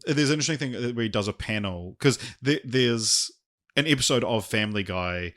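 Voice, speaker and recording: A man's voice: medium pitch, brisk, fairly bright tone. A man co-hosting a podcast, retelling a story in casual chat with many false starts. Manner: rambling storyteller with many restarts. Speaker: podcast co-host.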